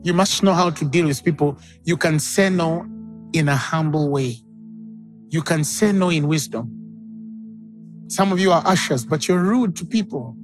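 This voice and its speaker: A man's voice: fairly high pitch, moderate pace, faint music behind. A man preaching a sermon as pastor, acting out the people in his stories. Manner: dramatic, acts out quoted voices.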